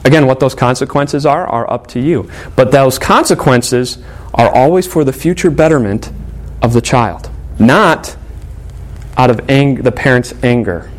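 A man's voice: mid-range voice, unhurried. A man preaching a sermon to parents in an earnest, conversational way, telling a story with frequent "uh" fillers. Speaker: pastor.

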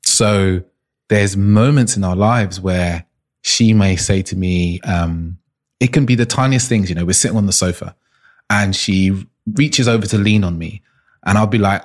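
A man's voice: low-pitched, unhurried. A man being interviewed as an intimacy coach, telling personal stories earnestly and restarting often. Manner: earnest, searching, frequent restarts.

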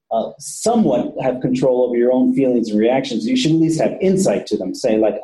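A man's voice: mid-range voice, mellow, echoey room, rough recording. A man who works with patients, giving a casual training talk to police officers and often repeating himself. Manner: conversational, repeats words, casual swearing. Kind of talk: training lecture.

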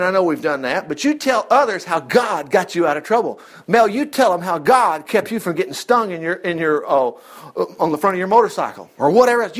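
A man teaches casually from scripture. His voice sits high for a man. He talks in a folksy, animated way, reading verses aloud and acting out the voices in them. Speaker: preacher.

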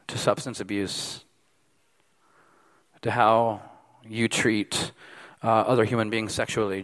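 Man, preaching, emphatic, loud peaks and hushed drops, long hall reverb. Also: mid-range voice. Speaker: pastor. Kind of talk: sermon.

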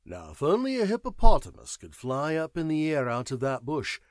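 A man reading an audiobook, voicing a cheerful, clever English gentleman with a light, teasing tone. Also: fairly high pitch, wildly swooping pitch, brisk, no room sound, studio quality, pitched above the performer's own voice. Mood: playful. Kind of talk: audiobook character voice.

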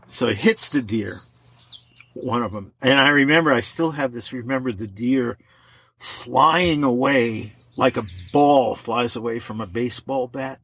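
A man telling a lively story in an interview, laughing now and then as he talks. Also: medium pitch, a little slow, slightly rough. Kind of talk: anecdotal storytelling.

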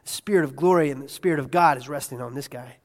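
A male pastor preaching a conversational sermon in a church, asking his congregation questions and swinging between hushed asides and loud, excited bursts. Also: mid-range voice, quick pace. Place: church sanctuary. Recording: long hall reverb.

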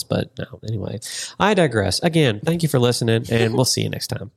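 Male podcast host, casual chat, rambling and jokey, mid-pitched. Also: expressive, fairly quick, vocal fry.

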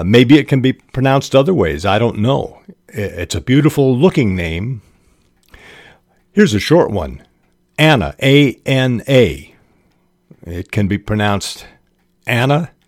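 An older man hosting a podcast on fiction writing, explaining ideas in an unhurried, thoughtful way and spelling words out letter by letter. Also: lowish voice, dry recording, clean studio sound. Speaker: podcast host and writing teacher. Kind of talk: instructional podcast monologue.

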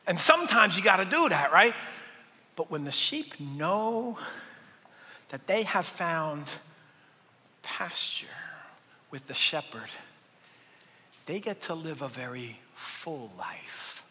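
A man preaching a sermon in a church, swinging between loud bursts and hushed whispers. His voice sits high and sounds bright and forceful. A long reverb trails each phrase, as in a large hall. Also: sing-song, takes it slowly, pauses often. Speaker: pastor.

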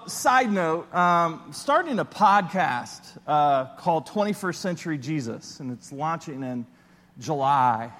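A man preaching a sermon as a pastor, telling a personal story in an animated way and acting out his own panicked voice. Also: a little high, in a large hall.

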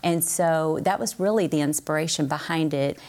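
A woman's voice: low voice, moderate pace, darkish tone. A middle-aged woman, a guest author, sharing earnest stories of faith and family in a podcast interview.

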